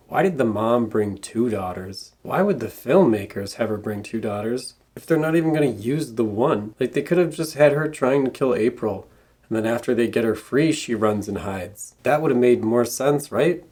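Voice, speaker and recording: Male reviewer, slightly low voice, dry sarcastic scene-by-scene recap narration. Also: a little mellow. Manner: dry, sarcastic plot retelling. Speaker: film reviewer. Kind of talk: comedic movie recap narration.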